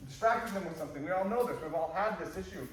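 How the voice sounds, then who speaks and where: Jokey high-voiced male instructor. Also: expressive, very fast. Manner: jokey, acts out little scenes. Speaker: martial arts instructor. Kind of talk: teaching a class. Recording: echoey hall, distant mic, faint noise.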